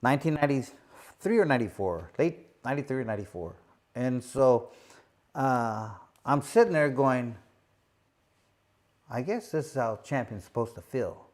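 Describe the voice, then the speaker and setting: A man's voice: mid-range voice, moderate pace, long pauses. A middle-aged man, a former boxer hosting a live show, telling a long story casually with lots of fillers and acted-out quotes. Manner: animated, acts out quoted voices, many fillers. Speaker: host, former boxing champion.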